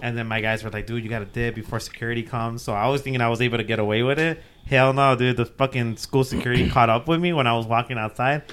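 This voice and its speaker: A man's voice: mid-range voice, fairly even intonation, fast, hardly any pauses, fairly bright tone, clean tone. A young man on a podcast, casually telling a story, swearing freely, laughing often and acting out what people said. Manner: loose, profane, laughs often, acts out quotes. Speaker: podcast co-host.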